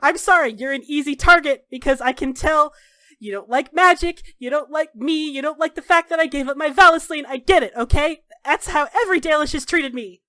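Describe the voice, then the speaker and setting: A woman voicing a volatile young elven mage man who shouts bitter accusations. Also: a little high, normal speed, few pauses, dry recording, clean studio sound, natural voice.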